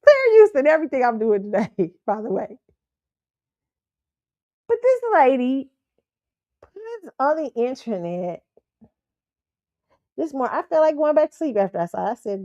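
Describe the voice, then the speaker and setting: Host, woman, AAVE, blunt and profane, a bit high-pitched, dry close mic. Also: moderate pace, pauses often, no room sound, highs cut off. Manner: blunt, profane, scolding and animated. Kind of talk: casual pop culture commentary. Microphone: streaming microphone.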